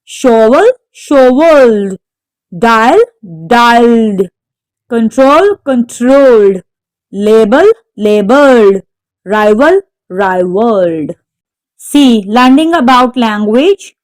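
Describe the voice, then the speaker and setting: Slow, careful woman teacher dictating. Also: fairly high pitch, expressive, poor audio. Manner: slow, careful dictation, spelling out word stress. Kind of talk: reading out textbook exercise answers. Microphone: home microphone.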